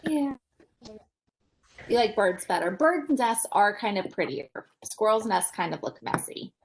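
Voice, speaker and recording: A woman parent educator reading a picture book to young children over a video call, animated, gasping and asking them questions. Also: mid-range voice, measured pace, vocal fry, background noise.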